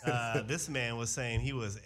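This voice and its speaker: A man's voice: medium pitch, fairly even intonation, measured pace, fairly bright tone. Jokey male radio host. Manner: loose and jokey, laughs at his own slips. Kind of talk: casual interview banter.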